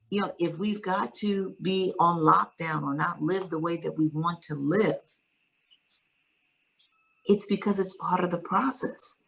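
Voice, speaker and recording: A woman's voice: lowish voice, gravelly, slight background noise, poor audio. A middle-aged woman, an interview guest and author, earnestly recounting a personal faith story with quoted dialogue.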